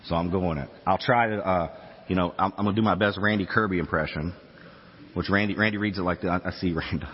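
A man's voice: deep voice, fairly even intonation, quick pace, breathy edge, long reverb tail, lo-fi sound. A man in his forties preaching a sermon, chatty and self-deprecating, reading scripture aloud. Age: 40s. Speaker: pastor. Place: church sanctuary.

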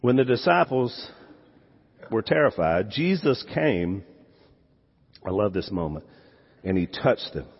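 A pastor with a Southern US accent preaches in a lively, sweeping, slightly husky voice that is lowish, a little slow and full of pauses. He swings from loud emphasis to quiet asides, and the dull recording carries a long reverb through a big hall.

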